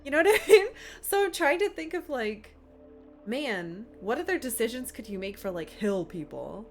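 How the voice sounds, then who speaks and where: A woman's voice: a little high, sing-song, moderate pace. A young woman from Appalachia chatting while streaming a game, rambling with lots of fillers. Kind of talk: casual gameplay commentary. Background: faint game music.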